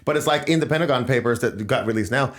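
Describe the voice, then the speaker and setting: A man's voice: medium pitch, fast talker. A man hosting a casual political podcast, talking in an emphatic, rambling way. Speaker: podcast host.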